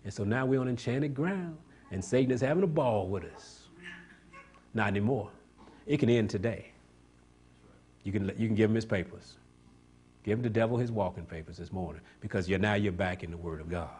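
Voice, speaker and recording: A man preaching an impassioned sermon, building to loud emphatic points and asking the congregation questions for response. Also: lowish voice, normal speed, pauses often.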